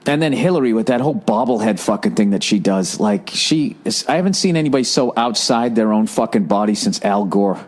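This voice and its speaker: A man's voice: fairly low pitch, brisk, hardly any pauses, darkish tone. A man hosting a podcast alone, ranting in a profane, sarcastic, rambling way. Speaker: podcast host. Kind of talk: solo ranting monologue.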